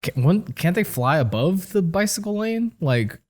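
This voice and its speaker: A man's voice: high voice, very animated, darkish tone. A man guesting on a casual podcast, joking around, laughing and swearing freely. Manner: jokey, quick to laugh and swear.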